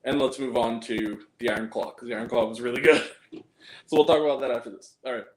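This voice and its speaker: A man's voice: mid-range voice, steady tone, fast talker. Ranting, swearing man in an echoey room. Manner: ranting, profane, exasperated. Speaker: movie reviewer host. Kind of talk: casual spoken movie review.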